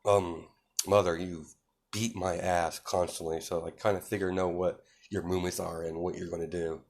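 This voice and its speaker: A scornful young demon hero, put on by a man telling a fan story, speaks low, soft and flat. His voice sits very deep, and every word drips with cool contempt for the people beneath him. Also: normal speed. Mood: dry. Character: haughty cold young male demon-powered hero.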